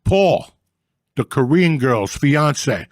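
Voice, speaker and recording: A comedian guest telling a rambling, profane story in a streetwise, casual way. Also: male voice, mid-range voice, big pitch swings, drawn-out words, dry recording, studio quality. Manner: rambling, streetwise, swears often.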